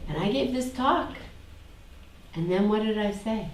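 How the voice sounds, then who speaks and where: A woman's voice: medium pitch, animated, measured pace, reverberant, recorded from a distance, a little hiss or hum, poor audio. A woman teaching a spiritual talk to a small group, asking them questions and repeating phrases in a singsong.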